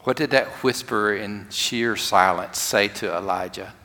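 A man preaching a sermon in a dramatic way, swinging from loud, fervent lines to hushed ones. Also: on the low side, a little slow. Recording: long hall reverb.

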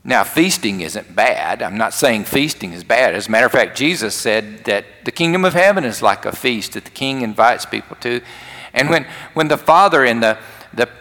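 A man's voice: mid-range voice, animated, moderate pace, sharp tone. A man preaching a sermon and retelling a story, acting out the characters' lines. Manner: storytelling, acts out quoted lines. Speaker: pastor. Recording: long hall reverb.

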